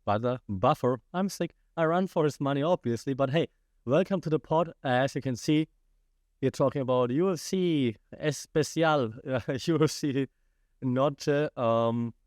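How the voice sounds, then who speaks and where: A man's voice: mid-range voice, a little mellow, dry recording, clean studio sound. A man hosting a casual solo podcast, sick and talking around a cough drop in a chatty, playful, self-deprecating way. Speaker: podcast host.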